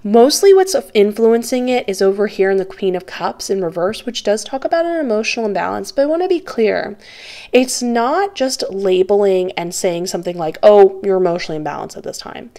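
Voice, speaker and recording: A woman's voice: mid-range voice, expressive, moderate pace, dark tone. A woman giving a pick-a-card tarot reading, talking straight to the viewer in an earnest, reassuring, chatty way with light laughs. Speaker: tarot reader.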